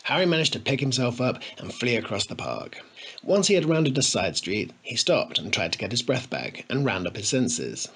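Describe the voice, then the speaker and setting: Expressive male storyteller. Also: mid-range voice, normal speed, slightly rough. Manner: expressive, playful. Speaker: narrator. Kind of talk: storybook reading.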